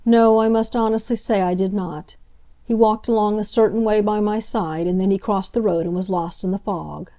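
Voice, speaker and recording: A woman voicing a frail, fussy old gentleman witness who speaks slowly in a quavering, formal way. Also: mid-range voice, steady tone, close to an everyday voice. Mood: earnest, quavering.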